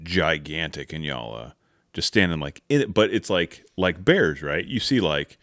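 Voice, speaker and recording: Deep-voiced man rambling through a story. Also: lively intonation, normal speed, fairly bright tone, dry recording, clean studio sound. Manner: rambling, with many "like" and "right?" fillers; acts out the people in his stories. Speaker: podcast host. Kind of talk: casual hunting storytelling.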